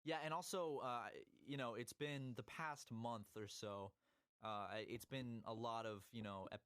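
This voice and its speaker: A man's voice: mid-range voice, fairly even intonation, a little slow, fairly bright tone, clean tone. A young man co-hosting a podcast in casual chat, playful and joking. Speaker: podcast co-host.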